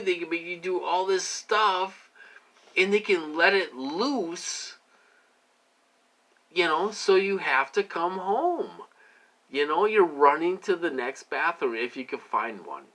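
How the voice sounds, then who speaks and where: Rambling man with a bright voice. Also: fairly high pitch. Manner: loose, repetitive, heavy with fillers. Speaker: vlogger. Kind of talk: rambling personal monologue to viewers.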